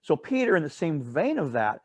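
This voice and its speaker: The speaker, a man with a fairly high voice and big swings in pitch, runs a relaxed Bible study at a normal pace. His storytelling rambles, full of asides and corrections, and he regularly checks in by asking "all right?" The audio is dry and close-miked.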